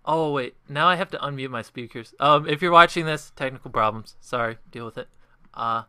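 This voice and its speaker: A man's voice: medium pitch, a little fast, bright, forceful tone, smooth. A man chatting casually on a gaming livestream, rambling to himself as he plays and talking with a friend on a call. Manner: rambling, talks to himself while playing. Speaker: streamer.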